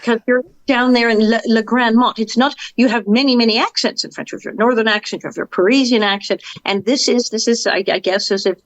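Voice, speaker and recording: A woman's voice: a little high, steady tone, no echo, poor audio. Upbeat woman host, dry close mic. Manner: enthusiastic, quick storyteller. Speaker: podcast co-host. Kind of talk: casual chat, introducing a guest.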